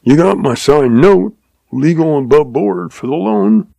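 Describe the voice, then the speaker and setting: A man voicing a shrewd old cowboy who talks in a slow, patient, folksy drawl. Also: on the high side, lively intonation, gravelly, warm tone, no echo, pitched above the performer's own voice, heavily acted. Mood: patient, sly. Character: shrewd old cowboy, calm, sly, chuckling.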